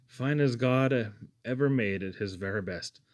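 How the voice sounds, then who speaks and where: Guy doing a farm wife, soft and amazed, heavy dialect. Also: mid-range voice, moderate pace, natural voice. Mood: wondering. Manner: hushed, wondering, dialect speech. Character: weathered Scottish farm wife, marveling.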